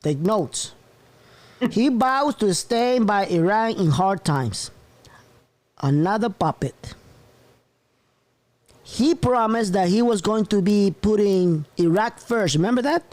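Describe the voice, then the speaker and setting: A man's voice: high voice, expressive, takes it slowly, long pauses, a little mellow. A man hosting a casual news commentary show, rambling and often breaking into laughter. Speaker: host.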